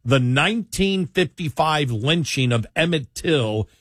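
A man's voice: on the high side, animated, a little slow, fairly bright tone, no echo, studio quality. A man hosting a talk radio show, chatting casually and rambling with frequent restarts and fillers.

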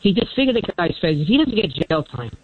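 An older retired man calling in on the phone, with a thin high "helium" voice, rambling from one topic to the next. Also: very animated, brisk, husky, no room sound. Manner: rambling, jumps between topics. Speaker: caller. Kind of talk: rambling call-in sports talk. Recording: muffled phone-line call.

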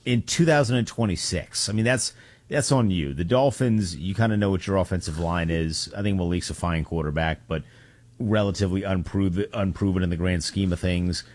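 A male co-host with a very low voice. He teases with a dry, unhurried calm, and the sound is close and dead, with no room echo. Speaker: sports show co-host. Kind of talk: casual sports talk show.

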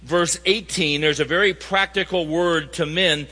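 High bright-voiced preacher in a hall. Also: male voice, fairly even intonation, unhurried. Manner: emphatic, rhetorical questions to the audience. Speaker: pastor. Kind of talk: sermon. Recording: reverberant hall sound.

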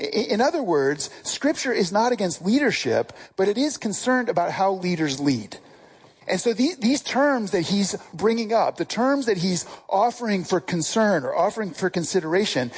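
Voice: medium pitch, very animated, normal speed, breathy edge. A pastor preaching a casual sermon, talking conversationally and often restarting and repeating words.

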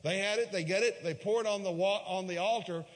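A man preaching a sermon and retelling a Bible story, swinging from loud emphatic peaks to quiet low asides. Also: a little fast. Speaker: pastor. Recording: long hall reverb.

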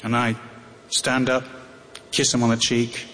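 A middle-aged English man telling a personal story live, halting and wry, with frequent restarts. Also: mid-range voice, monotone, fairly bright tone. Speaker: storyteller on tour. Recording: long hall reverb, faint noise.

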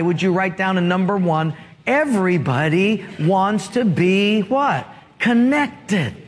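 A man preaching a sermon, telling humorous stories and prompting the congregation to answer. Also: high-pitched. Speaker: pastor. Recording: long hall reverb.

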